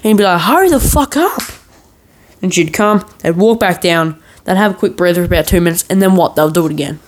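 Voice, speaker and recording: A podcast host tells a long, wandering story full of jokes, swearing and restarts. His voice sits high with fairly even intonation, and he talks fast. The recording quality is low.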